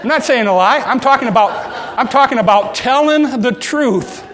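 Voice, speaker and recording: High-voiced preacher in an echoing hall. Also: male voice, lively intonation, moderate pace, hardly any pauses, a bit bright, some chatter behind. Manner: folksy and humorous, acting out little scenes. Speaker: pastor. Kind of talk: sermon.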